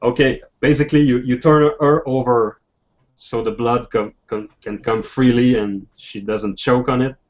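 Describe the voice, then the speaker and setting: A man narrates as game master, stopping and restarting his sentences often. His voice sits at an ordinary pitch. The audio is dull and lo-fi, like an online voice call. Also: fairly even intonation. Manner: halting, many restarts and fillers.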